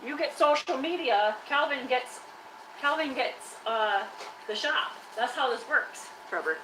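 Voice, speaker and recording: A woman's voice: high voice, animated, measured pace, background noise. A woman chatting casually on a live stream from her workshop, teasing and scolding her trash can like a buddy. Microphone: live-stream camera mic.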